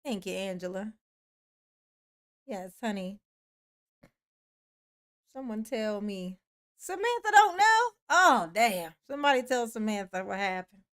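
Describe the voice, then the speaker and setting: A woman hosting a casual livestream, greeting viewers in the chat, playful and laughing often with drawn-out "yes, honey" replies. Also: mid-range voice, fairly bright tone, clean tone. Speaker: livestream host. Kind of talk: casual livestream chat, reading and answering a live chat.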